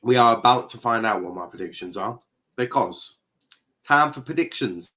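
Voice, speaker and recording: A man's voice: medium pitch, lively intonation, normal speed, a bit bright. A man hosting a casual football show, rambling along, reading out viewer comments with plenty of hesitant fillers and restarts. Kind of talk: casual live-stream chat.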